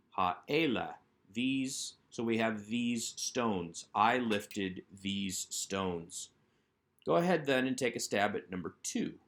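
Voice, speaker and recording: A man with a fairly low voice walks through a workbook lesson. He explains each point patiently and step by step, in the manner of a recorded class. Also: fairly bright tone. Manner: patient, methodical explaining of grammar. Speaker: Hebrew teacher.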